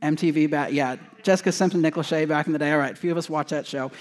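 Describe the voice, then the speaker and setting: High-voiced joking pastor. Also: male voice, racing. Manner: conversational and joking with the congregation; animated, acting out quoted voices. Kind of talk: sermon. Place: church sanctuary before a congregation.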